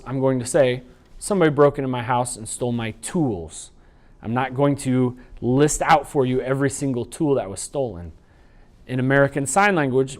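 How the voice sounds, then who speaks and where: A man teaching a sign language training unit in an instructional lecture, explaining patiently and slowing down to demonstrate. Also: mid-range voice. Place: training video recording.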